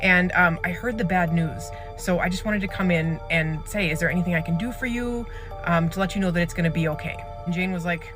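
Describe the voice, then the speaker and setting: A mid-pitched speaker tells an eerie hospital story in a loose, rambling way, full of fillers and acted-out quotes. A clear music bed plays underneath the voice. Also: fast talker. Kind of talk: casual spoken storytelling.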